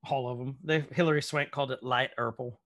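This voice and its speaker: A man's voice: medium pitch, fairly even intonation, fast, fairly bright tone, dry recording, highs cut off. A man hosting a casual recap chat, rambling along with plenty of ums. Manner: chatty, rambling with many ums. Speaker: podcast host.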